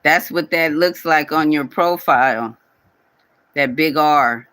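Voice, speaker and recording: On his own channel, a man scolds a commenter in a casual vlog rant, repeating himself and addressing the viewer directly. His voice is bright and a little high, and he speaks slowly. The low-quality recording is close and dry, with no echo or room sound.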